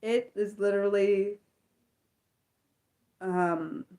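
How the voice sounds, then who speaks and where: An American woman hosting an unscripted livestream, chatting in a rambling, animated way with many fillers and restarts. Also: medium pitch, very slow. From Maryland, United States. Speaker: livestream host. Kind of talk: unscripted livestream chat, answering viewers.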